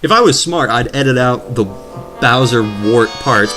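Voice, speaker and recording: A man with a medium-pitched voice narrates his own gameplay in an animated, unhurried way, joking and rambling as he drifts from topic to topic. He's a let's play commentator, and video game music plays behind him.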